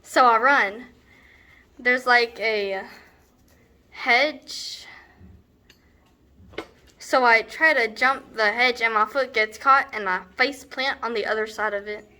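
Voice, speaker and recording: A woman's voice: on the high side, slow, pauses often, sharp tone. Young woman playing a scornful rambling teen girl. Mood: exasperated. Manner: sarcastic, rambling, full of "like". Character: brash teenage girl, scornful, rambling storyteller. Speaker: student actor. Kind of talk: comedic stage monologue.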